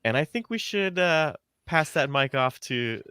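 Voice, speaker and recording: A man's voice: a little high, animated, unhurried, bright, forceful tone, clear, resonant tone, dry recording, clean studio sound. A man co-hosting a podcast in casual, joking banter over a video call. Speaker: podcast co-host.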